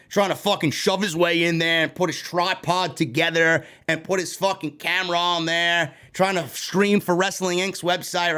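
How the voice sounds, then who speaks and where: Heated, swearing wrestling-news host, high voice. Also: male voice. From New York. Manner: animated, heated, heavy swearing. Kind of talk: profane ranting commentary.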